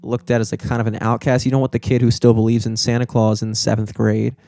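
A man's voice: mid-range voice, flat delivery, fast talker, creaky, darkish tone. A young man in casual chat, rambling and swearing, with lots of filler words.

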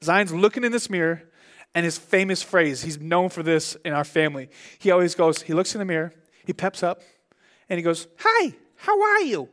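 Young guy pastor preaching, chatty and lively, voice sits kinda high. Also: a little fast. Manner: animated, conversational preaching with big pitch swings. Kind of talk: sermon.

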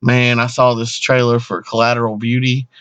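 A man's voice: mid-range voice, completely flat delivery, normal speed, fairly bright tone, clear, resonant tone, dry recording, lo-fi sound. A man co-hosting a casual comedy podcast, rambling with lots of fillers and laughing often. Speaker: podcast co-host.

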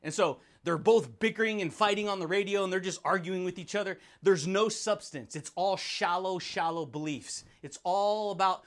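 Fired-up, high-voiced male podcast host. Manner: energetic, slangy, fired up; puts on quick voices for quoted people. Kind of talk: motivational podcast monologue.

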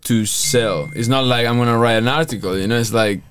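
A man guesting on a radio chat, animated and swearing a lot. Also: mid-range voice, a little fast, clean tone. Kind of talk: casual chat.

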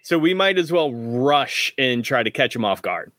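A man taking his turn as a player in a tabletop game, talking slowly and hesitantly. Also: medium pitch, very animated, fairly bright tone, no room sound, studio quality. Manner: slow, hesitant and deliberate. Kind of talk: casual play chat.

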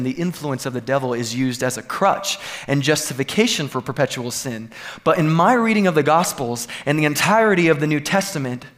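Guy preaching in church, kinda high voice, earnest and gets really emphatic. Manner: earnest, building to emphatic peaks. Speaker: pastor. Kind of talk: sermon. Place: church sanctuary.

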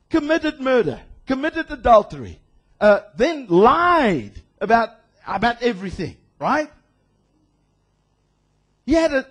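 A man from South Africa preaching a sermon, reading scripture slowly and shifting between quiet asides and loud, passionate proclamations. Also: on the high side, slightly rough. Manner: draws out scripture quotes slowly. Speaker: pastor.

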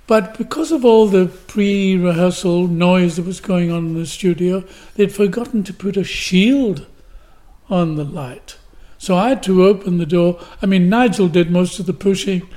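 A man's voice: high-pitched, moderate pace, warm tone. An older man from Glasgow, a guest actor telling stories and acting out the lines he quotes. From Glasgow, Scotland. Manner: vivid storyteller who acts out the quotes. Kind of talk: anecdotal storytelling.

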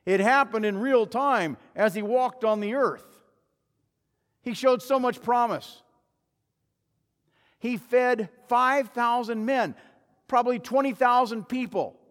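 A high-voiced male pastor delivers a dramatic sermon, acting out crowd voices and pressing his listeners with rhetorical questions. His voice carries a long echo through a church sanctuary.

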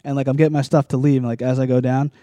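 Fast-talking young man rambling. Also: medium pitch, little pitch movement, dark tone, dry recording. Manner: rambling, many likes and restarts. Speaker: guest telling a story. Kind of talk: casual podcast chat.

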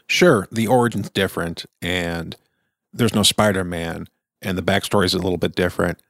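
Male podcast host, lower register, enthusiastic and conversational review delivery. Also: steady tone, a little fast, a bit bright, no echo. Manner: chatty, enthusiastic, opinionated. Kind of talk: casual film review.

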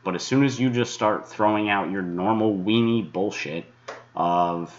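Low-voiced male podcast host, profane and heated monologue, muffled lo-fi audio. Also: unhurried. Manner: angry, swearing, mocking imitations of critics. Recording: dull lo-fi sound.

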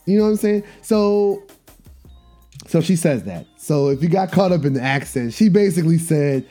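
Animated storytelling man, mellow tone. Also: a little high, moderate pace, faint music behind. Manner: animated, repetitive, slangy. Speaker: podcast host. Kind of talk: casual storytelling monologue.

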